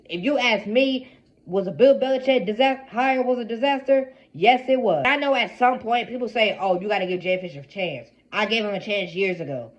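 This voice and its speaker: A man's voice: sits high, normal speed, highs cut off. A young man giving an exasperated, repetitive fan rant about his team, heavy on slang. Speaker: sports fan commentator.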